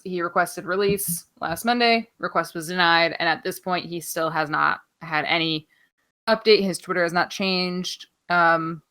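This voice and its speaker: A woman's voice: lowish voice, pushed and bright. A woman co-hosting a podcast, chatting casually through wrestling news in an offhand, rambling way, swearing freely and filling gaps with ums. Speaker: podcast co-host.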